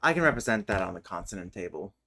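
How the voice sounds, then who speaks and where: A man streaming casually, thinking aloud as he works, muttering and humming to himself with many hesitant pauses. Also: lowish voice, expressive, vocal fry, bright, forceful tone. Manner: mutters and hums to himself while working; slow, hesitant, with many fillers.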